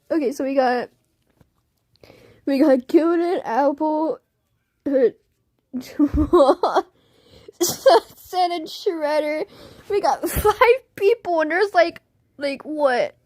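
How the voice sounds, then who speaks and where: A woman's voice: sits high, animated, takes it slowly, a little mellow, no room sound, studio quality. A young woman chatting on a livestream, laughing constantly in a giggly, silly way. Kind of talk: casual livestream chat.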